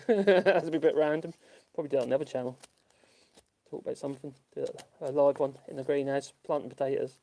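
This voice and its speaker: A man's voice: a little high, fairly even intonation, fast talker, creaky, warm tone. A man, chatting casually and rambling to the camera while he works on a woodworking project in his workshop. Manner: rambling, chuckles, talks to himself. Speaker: woodworking channel host. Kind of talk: casual chat while working.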